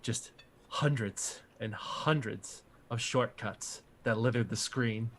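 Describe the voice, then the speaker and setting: A man narrating as game master of a tabletop game, an easygoing storyteller who chuckles often. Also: mid-range voice.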